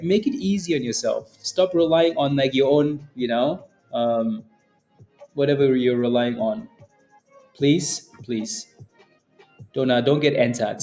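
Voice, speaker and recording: A man's voice: medium pitch, slow pace, a little mellow. Male stream host, loose casual market chatter, repeats himself, ends lines with "right?", faint music underneath. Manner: rambling, repeats words, tags lines with "right?". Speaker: stock trading livestream host.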